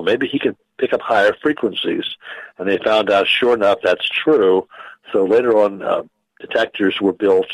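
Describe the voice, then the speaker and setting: On a radio interview, a male physicist guest speaks in a low voice, explaining in a measured yet halting manner full of fillers and restarts. The recording is dry and rough.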